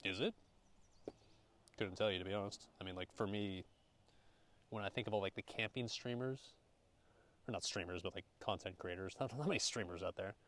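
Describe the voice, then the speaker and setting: A man's voice: deep voice, a little fast, pauses often, a bit bright. A young American man casually chatting and cooking at an outdoor campground, joking, swearing loosely and thanking his chat. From United States. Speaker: streamer.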